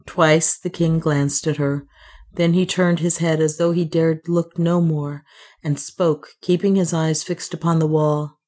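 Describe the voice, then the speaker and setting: A woman's voice: low-pitched, little pitch movement, dark tone. A woman reading a classic novel aloud and chatting enthusiastically about its characters. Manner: measured narration, enthusiastic chatty asides. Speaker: audiobook reader.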